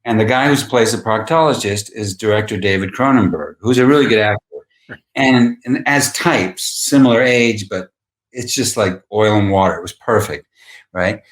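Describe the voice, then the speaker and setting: Male guest, animated storyteller, roomy echo. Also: fairly low pitch, normal speed. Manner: animated, laughing, acts out quotes. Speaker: guest actor. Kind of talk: anecdotal storytelling.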